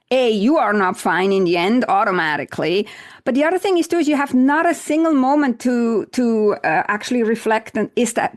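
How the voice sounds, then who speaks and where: Woman guest, decluttering coach, fairly high voice, thoughtful and explanatory, murmurs agreement often. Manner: thoughtful, explains ideas step by step; frequent backchannel murmurs. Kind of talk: casual interview chat.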